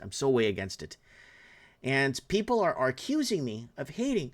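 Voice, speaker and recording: A man's voice: mid-range voice, big pitch swings, fast talker. Heated middle-aged man ranting. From Canada. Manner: indignant and heated, with repeated restarts. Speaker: commentator. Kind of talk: impassioned rant to camera.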